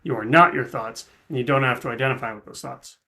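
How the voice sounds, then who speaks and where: A man's mid-range voice, creaky and quick-paced, carries casual commentary in a reaction video he hosts. He explains ideas thoughtfully but informally, frequently starting over.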